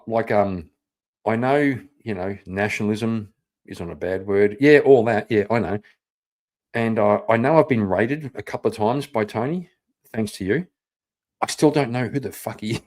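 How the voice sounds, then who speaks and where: A man's voice: lowish voice, normal speed, darkish tone. A man hosting a live stream, chatting casually with his viewers, rambling, swearing and laughing often. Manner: profane, rambling, laughs a lot. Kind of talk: casual chat reacting to viewers.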